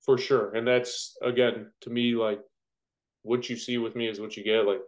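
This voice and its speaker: A man in his thirties, a firefighter, guesting on a podcast and telling jokey, animated stories full of acted-out quotes. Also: mid-range voice, moderate pace, poor audio. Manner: joking, animated storyteller who acts out quotes. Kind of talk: casual interview chat.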